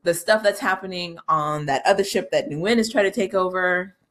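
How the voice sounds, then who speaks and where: A woman with a somewhat low voice talks through a TV episode in a loose, unscripted recap. She is chatty and swears freely. Laughter slips into her telling. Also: moderate pace, fairly bright tone. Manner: chatty, profane, laughs often. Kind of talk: casual recap monologue.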